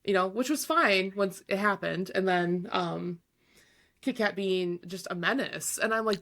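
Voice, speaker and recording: A woman's voice: medium pitch, normal speed, bright, forceful tone. A young woman co-hosting a podcast, rambling casually with lots of fillers and playful quoting. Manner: rambling, full of fillers and acted-out quotes, laughs often. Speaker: podcast co-host. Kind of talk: casual chat.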